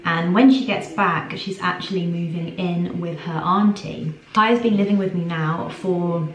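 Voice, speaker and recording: A young woman chatting casually in a weekly vlog, rambling with lots of "like", sometimes mumbling softly while she eats. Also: on the low side, steady tone, a little slow, roomy sound, rough recording. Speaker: vlogger.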